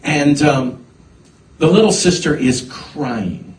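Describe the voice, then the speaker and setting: A man preaching a sermon, telling a personal story with halting restarts before building to emphatic points. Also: fairly high pitch, lively intonation. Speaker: pastor. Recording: echoey hall, voice from a distance.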